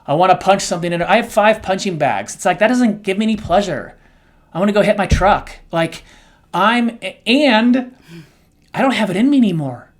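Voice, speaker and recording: A middle-aged man co-hosting a podcast, talking candidly and emotionally, his voice swinging between soft and loud. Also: sits high, expressive, normal speed. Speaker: co-host.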